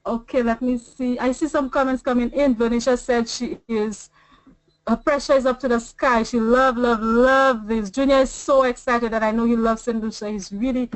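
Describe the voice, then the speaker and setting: An upbeat woman hosts a motivational group call and rattles off items in list-like runs. Her voice is a little high, and the online call audio sounds dry and close. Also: steady tone, a little slow, no room sound, low-quality recording. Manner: upbeat, rallying, list-like delivery. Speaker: host of a business group call. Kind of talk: motivational talk on a conference call.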